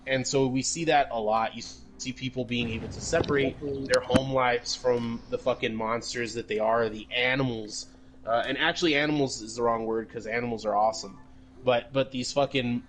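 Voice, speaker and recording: A man co-hosting a casual podcast, ranting in a profane, mocking ramble full of fillers. His voice sits at an ordinary middle pitch. A faint hiss of noise runs under the recording. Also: fairly bright tone. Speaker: podcast co-host. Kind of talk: casual chat.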